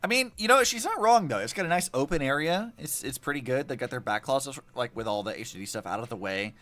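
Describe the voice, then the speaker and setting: A young man commenting casually on a game he is playing, chatty and animated with lots of fillers. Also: medium pitch, fast talker. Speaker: streamer.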